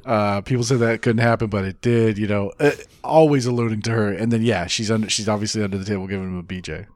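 A man's voice: lowish voice, fast, a little mellow, no room sound. Wry, amused man on a podcast. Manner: wry, amused, points out gags with short agreeing replies. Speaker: podcast co-host. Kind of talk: casual movie-review chat.

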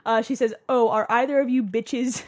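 A woman's voice: fairly high pitch, steady tone, moderate pace. A woman from New Jersey co-hosting a podcast, chatting casually with jokey, profane asides. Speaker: podcast co-host. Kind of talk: casual chat.

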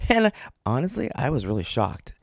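Gravelly, mellow-voiced man musing earnestly. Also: mid-range voice, animated, moderate pace, no room sound, studio quality. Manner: earnest and reflective, storytelling. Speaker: podcast host. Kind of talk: casual solo podcast monologue. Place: home, sitting on a couch. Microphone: portable microphone attached to a phone.

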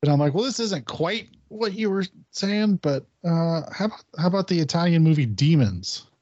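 A man's voice: a little high, lively intonation, moderate pace, darkish tone, no room sound. Rambling, swearing man on a podcast. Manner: rambling storyteller, swears, acts out friend's lines. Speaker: podcast co-host. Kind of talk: casual chat. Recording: dull lo-fi podcast audio.

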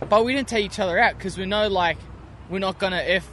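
A man's voice: sits high, fast, a bit bright, a little hiss or hum. A man with an Australian accent, a motocross racer talking in an upbeat, chatty way in a post-race interview outdoors at a race track.

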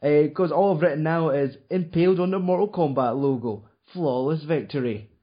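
A slightly high, slightly fast male voice belongs to a podcast host who swears a lot and rambles with fillers in casual chat. The recording is lo-fi and dull.

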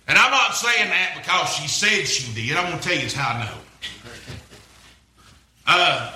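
Folksy preacher, bright echoey sound. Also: male voice, fairly high pitch. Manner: folksy, rambling, repeats himself. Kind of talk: storytelling sermon.

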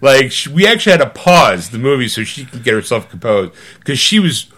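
A middle-aged man co-hosting a podcast, retelling a movie in casual chat with animated, swearing storytelling that acts out other people's lines. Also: medium pitch, fairly quick. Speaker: podcast co-host.

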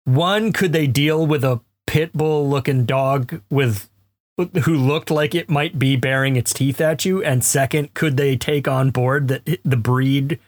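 A man's voice: medium pitch, measured pace, no room sound. A podcast co-host in casual chat, a man with a middling voice who rambles through anecdotes and breaks into laughs. The sound is dry and close, with no room heard around him.

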